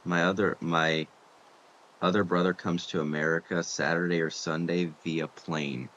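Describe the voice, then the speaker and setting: A man's voice: deep voice, fairly even intonation, fairly bright tone, highs cut off, a little hiss or hum. A man streaming a building game, chatting casually with viewers and reacting as he plays. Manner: chatty, talks to chat while building, quick exclamations. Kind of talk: casual gaming chat with viewers.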